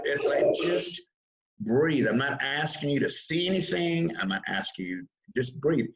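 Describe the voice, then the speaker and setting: The speaker is a man with a mid-range voice, a guest in a casual mindfulness interview. He tells stories animatedly with chuckles, and his sentences often restart with repeated words. The recording is low quality.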